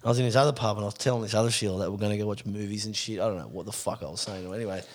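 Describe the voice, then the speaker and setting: A man's voice: on the low side, steady tone, racing. An Australian man telling brash stories on a casual podcast, swearing freely. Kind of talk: casual storytelling chat.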